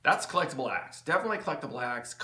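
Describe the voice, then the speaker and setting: A man talks in a loose, rambling way, full of ums and false starts, with a bright, forceful edge to his voice. He is recording in his home workshop, and the room adds a noticeable echo around him. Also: mid-range voice, lively intonation, rapid-fire. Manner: rambling, enthusiastic, with many fillers and restarts. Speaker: channel host. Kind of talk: rambling casual vlog talk.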